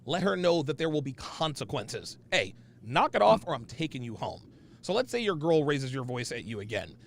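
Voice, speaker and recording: Animated gravelly-voiced man hosting a podcast. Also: mid-range voice, normal speed. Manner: blunt, emphatic, profane, with laughs and restarts. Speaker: podcast host. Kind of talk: casual podcast talk.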